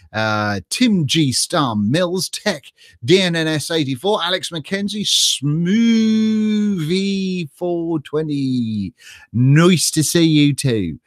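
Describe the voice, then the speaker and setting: A man's voice: fairly high pitch, no room sound, studio quality. Chatty man on a live stream. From Norfolk, England. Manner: chatty, rambling, laughs and swears casually. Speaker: vlog host reading live chat. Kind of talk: casual live-stream chat.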